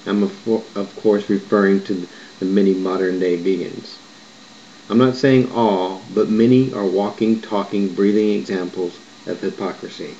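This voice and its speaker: Telling of a vision he had, a man speaks at normal speed in a low, dark voice with fairly even intonation, drifting off topic and repeatedly restarting or fixing his words. Faint ambience and slight background noise sit under the muffled lo-fi audio.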